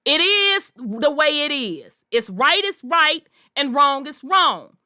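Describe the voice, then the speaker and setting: A woman hosting a podcast, delivering a forceful, profanity-laced monologue in a preachy way. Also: high-pitched, big pitch swings, slow, no room sound, clean studio sound. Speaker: podcast host.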